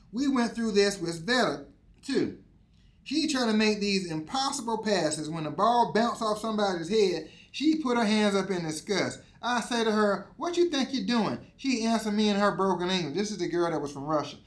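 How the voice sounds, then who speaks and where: A man's voice: sits high, fairly bright tone. A man giving a motivational teaching talk, preachy and emphatic with lots of repetition. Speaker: insurance exam coach.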